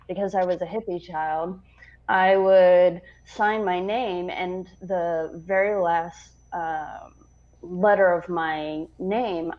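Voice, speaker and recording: Woman, veteran podcast co-host, unhurried storyteller who laughs and swears, muffled lo-fi sound. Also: fairly low pitch. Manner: laughing, swearing anecdote-teller. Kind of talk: casual storytelling chat.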